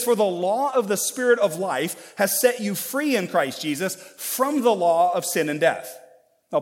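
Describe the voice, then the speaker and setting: Man preaching in an echoing hall. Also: high-pitched. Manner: earnest, emphatic preaching with building intensity. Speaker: pastor. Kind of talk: sermon.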